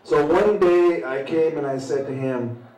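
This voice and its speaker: A man in his sixties, a veteran telling a personal story at an open mic in a halting, conversational way with frequent "you know" tags. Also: fairly high pitch, a little mellow, lo-fi sound. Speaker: veteran speaker. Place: open mic at a small venue. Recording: roomy sound from a distant mic.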